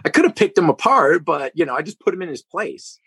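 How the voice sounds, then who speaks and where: A man with a slightly husky voice hosts a podcast in relaxed chat, recorded dry and close. He tells stories with animation, swearing freely. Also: on the high side, brisk, no room sound, rough recording. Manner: profane, animated storytelling. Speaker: podcast host. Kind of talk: casual chat.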